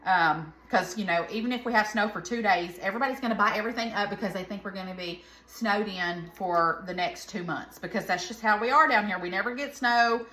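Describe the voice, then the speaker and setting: This home cooking host, a Southern American woman, chats casually with her viewers while she cooks, rambling into folksy tangents for her vlog. She speaks at medium pitch, a little fast and with few pauses, in a bright, forceful voice, and the room is echoey.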